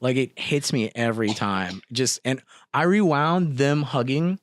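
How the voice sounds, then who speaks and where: A man's voice: mid-range voice, unhurried. A young man co-hosting a horror podcast, chatting casually, rambling emotionally and swearing. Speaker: podcast co-host. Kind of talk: casual chat.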